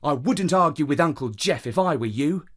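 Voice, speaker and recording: A man voicing an excited, protective young boy in a storybook reading. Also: a little high, normal speed, voice pushed up.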